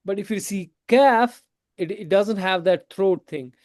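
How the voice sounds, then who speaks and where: A man teaching a tajweed class in a classroom. He explains slowly, asks his students questions, repeats his points and switches into Hindi now and then. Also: sits high, steady tone, a little mellow, no echo, studio quality. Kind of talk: classroom lesson.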